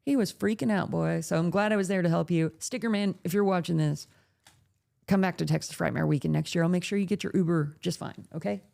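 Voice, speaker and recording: Gravelly-voiced woman telling a story. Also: lowish voice, fairly quick. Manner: animated, acts out quoted voices. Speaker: podcast host. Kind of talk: casual storytelling.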